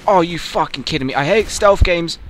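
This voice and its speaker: A young man commenting on his own gameplay, excitable and swearing loudly whenever things go wrong. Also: a little high, brisk, a little hiss or hum. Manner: excitable, yelling and swearing at the game. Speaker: gamer. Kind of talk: let's play commentary.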